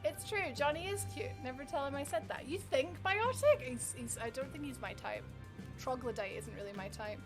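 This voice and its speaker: A chatty woman with a high, light voice, streaming a game live. She talks casually to her viewers, laughs easily, and coos affectionately at her dog between moments of play. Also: moderate pace, over music.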